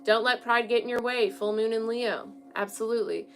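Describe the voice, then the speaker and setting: Soft music plays in the background while a young woman reads tarot casually at home near her altar. She's chatty and frank and keeps asking "okay?", speaking fairly quickly in a high, somewhat bright voice with fairly even intonation.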